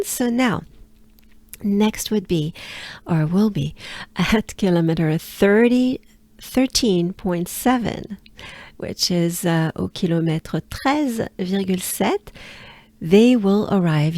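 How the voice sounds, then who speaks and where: French woman, native speaker, slow patient pronunciation lesson, drilling sounds one by one, dry close mic. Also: mid-range voice, darkish tone, no echo. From France. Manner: breaks words into sounds and repeats them slowly. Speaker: pronunciation teacher.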